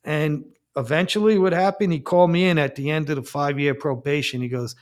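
A man, a Catholic priest, giving a personal testimony in a blunt, emphatic way and getting louder and higher when heated. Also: a little fast. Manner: blunt, emphatic storyteller who acts out quoted exchanges; rises in pitch and force when heated.

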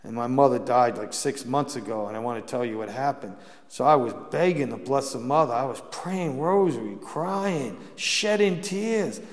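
A man's voice: mid-range voice, moderate pace. A male priest preaches in a long-reverberating hall, his voice sitting in a middle register. He tells stories in a sermon style, rising into emphatic bursts and often restarting his phrases. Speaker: Catholic priest preaching a mission.

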